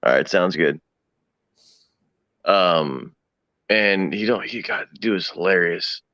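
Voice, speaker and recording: A man's voice: deep voice, slow pace, pushed and bright, no echo. A man, a guest on a live stream, telling profane stories in a laid-back way. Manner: laid-back, profane storyteller who acts out voices in his stories. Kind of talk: casual chat. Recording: dull, dry sound.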